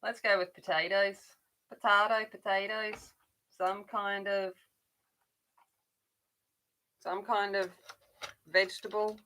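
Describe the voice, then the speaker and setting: A woman's voice: medium pitch, level tone, slow pace, long pauses, bright, forceful tone. A middle-aged woman chatting casually while colouring, rambling along with frequent restarts. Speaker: adult colouring channel host.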